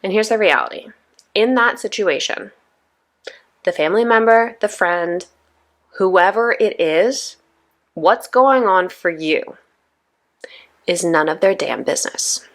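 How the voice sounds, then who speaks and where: A woman's voice: medium pitch, slow pace, pauses often, fairly bright tone. A woman in her thirties hosting a podcast, talking casually and conversationally with lots of asides to her listeners. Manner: chatty, conversational, frequent "right?" and "you know". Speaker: podcast host.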